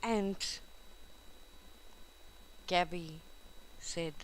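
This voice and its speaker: A woman narrating a storybook in a gentle, unhurried reading manner. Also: mid-range voice, animated, rough recording.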